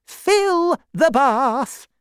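A woman voicing a stern, commanding older aunt who speaks firmly and shouts orders at her servant, in a storybook reading. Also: high-pitched, lively intonation, drawn-out words, no room sound, studio quality, voice pushed up, exaggerated voice. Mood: shouting. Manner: firm, loud, bossy.

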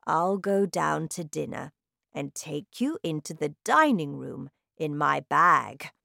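A woman voicing a kind, protective elderly grandmother, speaking slowly and gently. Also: sits low, lively intonation, vocal fry, no echo, studio quality, heavily acted. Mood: gentle.

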